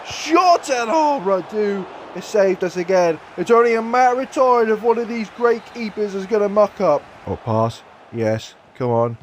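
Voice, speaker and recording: A man commentating on his own football video game, excitable and bursting into shouts at every chance. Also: a little high, a little hiss or hum. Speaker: gaming YouTuber. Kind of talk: live play-by-play game commentary.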